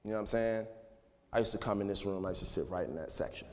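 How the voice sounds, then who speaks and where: A man's voice: fairly low pitch, quick pace. Laid-back man talking in an echoing hall. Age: 30s. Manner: loose and conversational, heavy with "you know" and "like". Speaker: guest speaker. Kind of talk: casual talk to a live audience. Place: school auditorium. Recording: long hall reverb.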